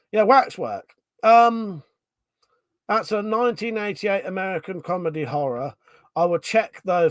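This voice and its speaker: A man hosts a laid-back livestream, reading viewer comments out loud as he rambles. He swears freely, fills his talk with fillers and restarts, and his voice sits a little high.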